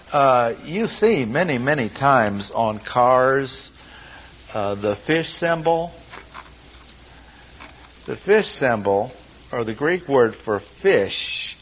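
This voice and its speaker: A man's voice: medium pitch, fairly bright tone, muffled recording, slight background noise. A man teaching a class on Bible Greek, explaining patiently step by step and putting questions to his listeners. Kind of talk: classroom lecture.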